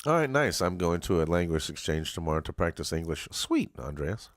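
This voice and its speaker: A low-pitched man talks a little fast in a sing-song way, recorded studio quality with no room sound. Hosting karaoke live, he greets viewers and chats to them in a rambling, joking manner.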